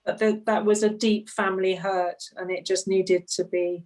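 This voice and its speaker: A woman who runs a grief support group, speaking gently and reflectively in an online group discussion. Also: medium pitch, little pitch movement, normal speed. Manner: gentle, reflective, laughs softly between thoughts. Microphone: video call. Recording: distant video call mic.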